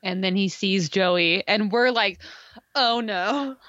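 A woman co-hosting a casual rewatch chat, animated, acting out lines in exaggerated voices and swearing freely. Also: mid-range voice, measured pace, dry recording, highs cut off. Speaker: podcast co-host.

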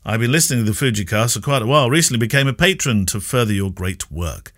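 A man's voice: mid-range voice, expressive, fast talker, fairly bright tone, no room sound, clean studio sound. A man hosting a podcast, joking with his co-host and reading listener mail aloud. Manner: teasing, laughs often.

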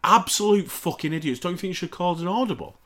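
A man's voice: sits high, lively intonation, quick pace, a bit bright. Man, podcast co-host, exasperated, sarcastic, swears a lot, casual rant. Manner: heavily profane, exasperated, sarcastic ranting.

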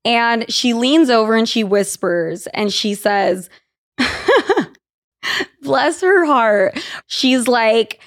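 A woman's voice: a little high, drawn-out words, long pauses. A young woman from Utah hosting a podcast, telling candid, profane stories in casual chat. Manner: candid, profane, animated storytelling. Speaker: podcast host.

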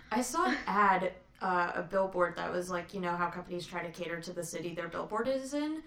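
A woman's voice: fairly low pitch, lively intonation, moderate pace, fairly bright tone, roomy sound. A woman co-hosting a podcast in casual chat, telling anecdotes and laughing easily. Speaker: podcast co-host.

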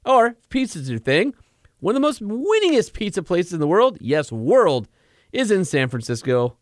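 A man's voice: high-pitched, huge pitch swings, moderate pace, dry recording. A man co-hosting a casual car podcast, reading listener letters aloud with emphasis. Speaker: podcast co-host.

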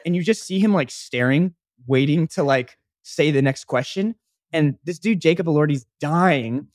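A young man co-hosting a podcast, telling stories in a rambling, animated way with lots of fillers. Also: a little high, normal speed, no room sound, clean studio sound. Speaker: podcast co-host. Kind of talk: casual chat.

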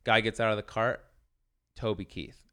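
Smooth-voiced man telling a rambling story. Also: lowish voice, fairly even intonation, normal speed, pushed and bright. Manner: rambling anecdotes with self-corrections. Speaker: podcast co-host. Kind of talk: casual storytelling chat. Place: studio.

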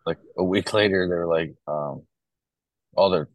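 A man's voice: low-pitched, moderate pace, no echo, rough recording. A young man, a corrections officer, telling stories in casual conversation, loose and full of fillers. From Ohio, US. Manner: relaxed storytelling, many fillers. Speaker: podcast guest, corrections officer.

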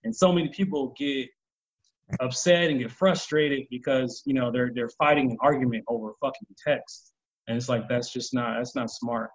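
A man with a raspy voice gives blunt, opinionated views in a casual podcast chat and swears now and then. The recording sounds muffled and lo-fi. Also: medium pitch, normal speed. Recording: dull lo-fi sound.

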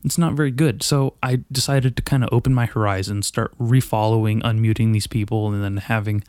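A man with a lowish, steady, slightly mellow voice speaks briskly into a boom-arm desk mic at home, a bit out of breath. The studio sound is clean with no room echo, and his casual, rambling monologue is loose, profane and self-mocking.

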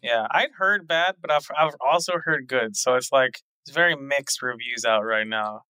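A man's voice: medium pitch, normal speed, sharp tone, clean tone, no room sound. A man co-hosting a podcast, chatting casually in an easygoing way and weighing his opinions. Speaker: podcast co-host. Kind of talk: casual chat.

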